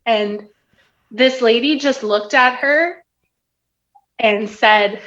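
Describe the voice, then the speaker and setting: A woman guest on a podcast gently recounting a personal story in casual conversation. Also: a little high, very slow, long pauses. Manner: gentle storyteller with soft laughs. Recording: dull lo-fi remote line.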